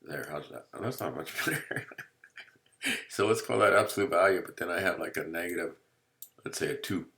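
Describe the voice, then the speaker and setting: Deep, gravelly man teaching math. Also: a little fast, long pauses, bright, forceful tone. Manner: playful, jokey, keeps checking in with "you see?". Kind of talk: casual screen-recorded lecture.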